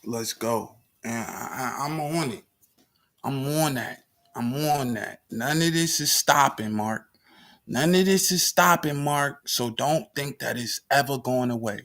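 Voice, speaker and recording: A man hosting a reaction video, commenting in a mocking, animated, slang-heavy way. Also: mid-range voice, measured pace.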